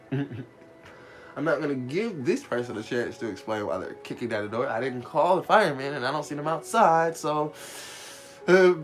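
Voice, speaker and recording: A man hosting a live radio show, telling stories in a profane, animated way and laughing as he goes. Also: medium pitch. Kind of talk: casual storytelling rant.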